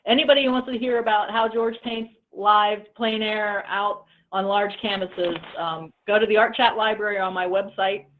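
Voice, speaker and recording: A woman's voice: mid-range voice, fairly even intonation, moderate pace, hardly any pauses, slight background noise. Lady hosting an interview chat, friendly, lots of ums, tinny phone-line audio. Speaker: host.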